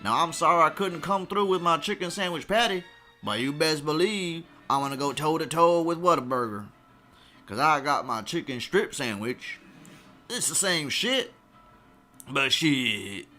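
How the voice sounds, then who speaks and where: A man voicing a loud, high-pitched fried-chicken restaurant with a Southern accent, shouting its boasts. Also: animated, measured pace, soft background music. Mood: brash. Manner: shrill, shouty, drawn out.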